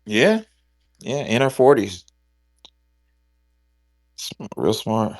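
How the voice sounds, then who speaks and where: A man's voice: mid-range voice, sing-song, drawn-out words, no room sound, clean studio sound. A man hosting a podcast, telling loose, profane stories in casual chat. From American South. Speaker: podcast host.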